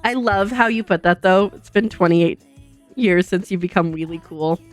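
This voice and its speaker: A woman's voice: lowish voice, moderate pace. Bubbly young woman streamer, chatty. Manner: bubbly, chatty, laughs easily; says "like" a lot. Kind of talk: casual chat with chat readers. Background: soft background music.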